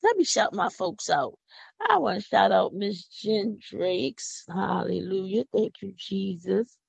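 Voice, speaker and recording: Woman podcast host, gravelly and husky; fervent devotional preaching, dry close sound. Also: mid-range voice, expressive, slow pace, a little mellow, dry recording. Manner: fervent, folksy, repeats words for emphasis. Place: home.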